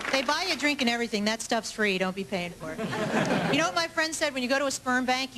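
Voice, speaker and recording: A woman doing a stand-up comedy set on a club stage, chatty and self-mocking, with quick asides to the crowd. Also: a little high. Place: comedy club stage before a live audience. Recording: live club with loud audience laughter and noise.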